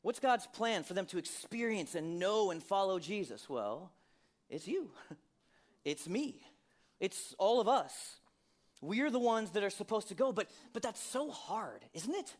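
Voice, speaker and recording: A man's voice: high voice, sing-song, a little slow. A man preaching a sermon as a pastor, talking in a conversational way, asking many rhetorical questions and laughing often.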